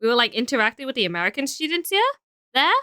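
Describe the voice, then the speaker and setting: A woman's voice: on the high side, sing-song, rapid-fire, pushed and bright, clear, resonant tone, no echo, clean studio sound. A young Australian woman streaming casually, tired and rambling as she thinks aloud while building.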